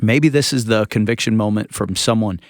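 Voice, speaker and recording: A man's voice: on the low side, a little fast, no echo, studio quality. A man co-hosting a church podcast, chatting casually about scripture and acting out quotes with jokes. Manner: lively and joking, acts out quotes. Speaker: podcast co-host, church leader.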